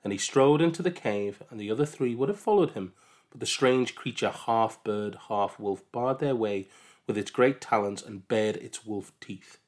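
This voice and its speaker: A man's voice: lowish voice, normal speed. Man reading a storybook aloud.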